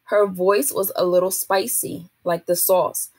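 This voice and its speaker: A woman, a teacher, reading a children's novel aloud to a class in a steady, expressive way. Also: medium pitch, measured pace, no room sound.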